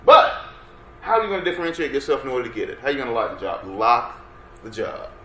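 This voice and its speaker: Male workshop presenter, energetic and audience-driven, mid pitch, roomy room with faint hiss. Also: racing. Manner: energetic, coaxes audience to respond. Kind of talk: interactive workshop lecture. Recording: roomy room sound, faint background noise.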